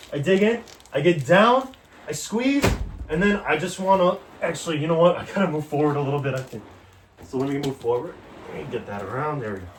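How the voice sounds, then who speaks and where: Man, fitness vlogger, casual coaching, rambling fillers, a bit high-pitched. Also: a little hiss or hum. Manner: loose, talky coaching with fillers. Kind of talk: casual workout demonstration.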